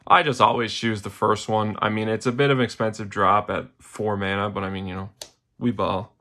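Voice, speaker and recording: A man's voice: on the low side, steady tone, a little fast, pushed and bright. A young man casually walking through his card game deck, loose and rambling, with slangy asides and fillers. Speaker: deck tech host.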